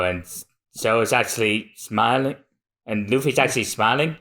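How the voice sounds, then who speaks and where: A man co-hosting a podcast, reading a manga aloud in a halting way, with many restarts. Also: medium pitch, a bit bright. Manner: halting, lots of restarts and fillers. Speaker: podcast co-host.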